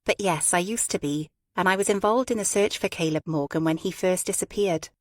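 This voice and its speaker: A woman reading as Fabia, a calm former policewoman. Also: fairly low pitch, fairly quick, dry recording, studio quality, lightly acted. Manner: calm, polite, firm.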